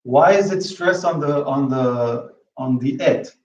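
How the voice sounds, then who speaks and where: A man's voice: mid-range voice, takes it slowly, a little mellow. A man giving an academic linguistics talk, hesitant, often repeating words as he thinks. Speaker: linguistics lecturer. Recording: roomy, distant, dull lecture-room recording.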